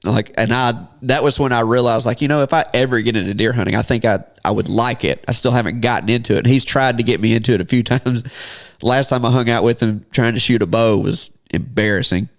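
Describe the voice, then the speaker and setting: A man's voice: medium pitch, a little fast. Chuckling man telling a story. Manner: laughs often while telling a story. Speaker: podcast host. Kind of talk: casual storytelling chat.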